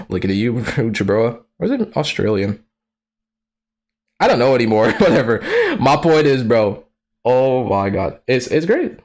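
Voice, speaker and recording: A streamer giving casual live commentary, slangy and profane, who laughs often and breaks into excitable outbursts. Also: mid-range voice, measured pace.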